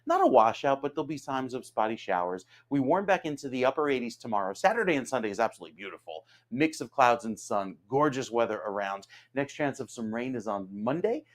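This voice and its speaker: A man, a meteorologist giving a morning weather forecast in a steady, informal way. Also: mid-range voice.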